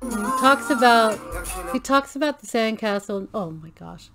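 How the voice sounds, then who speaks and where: A woman's voice: fairly high pitch, lively intonation, measured pace, over music. A woman hosting a reaction video, gushing and thinking aloud with many restarts and fillers. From Filipino American. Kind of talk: casual reaction commentary.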